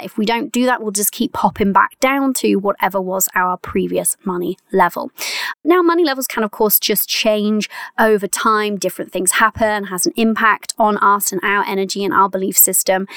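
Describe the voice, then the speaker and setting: A young adult woman hosting a solo coaching podcast, chatty and encouraging, often laughing and addressing listeners warmly. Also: medium pitch, no echo, clean studio sound. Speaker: money mindset coach and podcast host.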